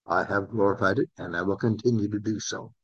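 A man's voice: on the low side, fairly even intonation, fairly quick, fairly bright tone, husky, no room sound. Man, preacher, chatty sermon, muffled dry recording. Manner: conversational, addresses listeners by name. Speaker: pastor.

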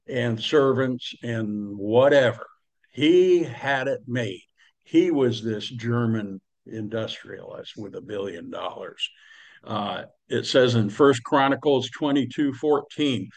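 A man's voice: mid-range voice, darkish tone. A man preaching a sermon in a folksy, conversational way, with slang and asides to the listeners.

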